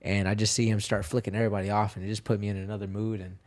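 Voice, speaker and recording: A young man telling fight stories as a podcast guest, casual, profane and animated, acting out the quotes. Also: fairly low pitch, rapid-fire. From Texas, USA. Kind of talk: casual storytelling interview.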